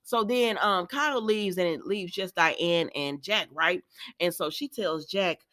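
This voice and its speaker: A woman's voice: on the low side, a little slow. A woman casually recapping soap opera episodes, chatty and talking straight to her viewers with frequent asides. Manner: talkative, addresses viewers as y'all, frequent asides; lively, acts out quoted lines with laughs.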